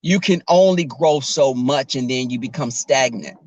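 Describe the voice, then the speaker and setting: A man's voice: mid-range voice, normal speed, no room sound. A man vlogging while driving, chatting sassily and directly to his viewers on a casual livestream. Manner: chatty, sassy, talks straight to viewers. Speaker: YouTuber.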